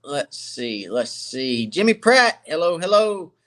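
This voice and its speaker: A fishing channel host talking casually on a live stream from a cluttered home workshop, rambling in an easygoing way and greeting viewers by name. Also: male voice, on the high side, very animated, slow pace, a bit bright.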